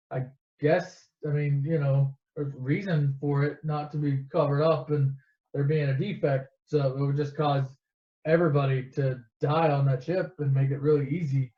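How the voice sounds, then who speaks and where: Brief: high-pitched man, profane rambling movie recap, echoey dull lo-fi room. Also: a little mellow. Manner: rambling, swearing, jumps to high squeaky voices for characters. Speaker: comedic movie retelling host. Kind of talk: casual profane storytelling.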